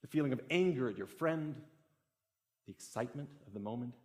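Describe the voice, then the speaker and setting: A young man giving a public talk, telling a story with growing excitement. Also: medium pitch, fairly quick. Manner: animated, builds excitement through a story.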